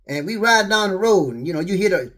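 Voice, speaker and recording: An older man preaching and telling stories, animated, acting out quotes and often repeating words. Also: high voice, quick pace. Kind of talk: street sermon, storytelling.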